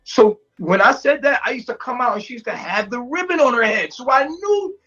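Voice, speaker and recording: A husky man tells a rambling personal story over a live stream, crude and animated, circling back on himself. The muffled, lo-fi stream audio has faint music playing underneath. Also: extremely high pitch, fairly quick. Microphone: stream mic.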